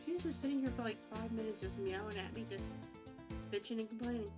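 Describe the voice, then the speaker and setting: Woman rambling on stream, kinda high voice, game music behind. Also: a little fast. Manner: rambling, chatty. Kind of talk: casual chat while streaming a game.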